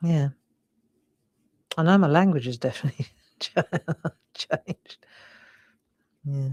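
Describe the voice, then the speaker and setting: A woman's voice: low-pitched, slow, no echo. A woman in her sixties with an English, slightly Cockney accent, chatting and demonstrating drawing live. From England. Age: 60s. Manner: chatty, warm, often says "look" and "lovely". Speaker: craft demonstrator.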